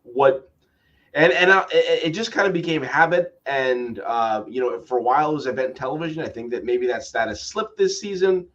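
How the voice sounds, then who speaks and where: A man with a stuffy nose from allergies co-hosting a review podcast, talking in a halting way with many restarts. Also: medium pitch, a bit bright, highs cut off. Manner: halting, many repeated starts. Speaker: podcast co-host. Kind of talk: casual review chat.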